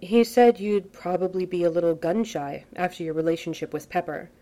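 A woman voicing an earnest, gentle man. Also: on the low side, fairly even intonation, a little fast, natural voice. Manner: soft, earnest and hesitant.

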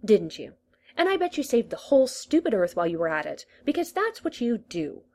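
A woman's voice: on the high side, big pitch swings, brisk, gravelly, a little mellow, voice pushed up, full character voice. The Master, read by a woman, teasing and boastful. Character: scheming male Time Lord, teasing and proud. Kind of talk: reading a story aloud.

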